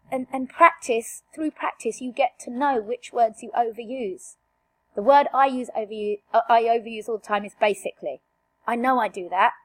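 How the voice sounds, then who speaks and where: A woman teaching an exam revision lesson, direct and emphatic, firing rhetorical questions at her students. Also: on the high side.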